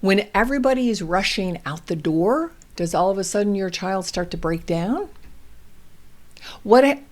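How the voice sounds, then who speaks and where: A woman hosting a parenting show, explaining calmly and gently with example phrases for toddlers. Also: medium pitch, moderate pace. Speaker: parenting podcast host. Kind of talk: calm instructional advice talk.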